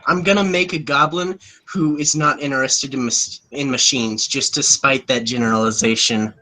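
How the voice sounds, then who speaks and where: A man's voice: mid-range voice, fairly even intonation, moderate pace, pushed and bright, rough recording. A young man in a casual group chat on a call, loose and rambling, laughing easily.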